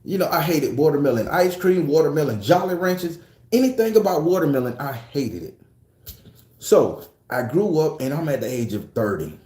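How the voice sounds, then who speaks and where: A man in his forties tells a crude, funny story from his childhood, his voice jumping up and down as he acts out the people in it and breaks into bursts of shouting. His voice sits a little high for a man, and the room around him has a noticeable echo. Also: animated, moderate pace. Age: 40s. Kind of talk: profane comedic storytelling.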